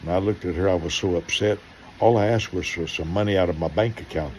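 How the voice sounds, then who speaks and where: With a low voice and a brisk pace, an older pastor tells stories the way he would in a sermon. He animates the dialogue, shifting between loud outbursts and quiet asides, while a faint hum runs beneath the recording.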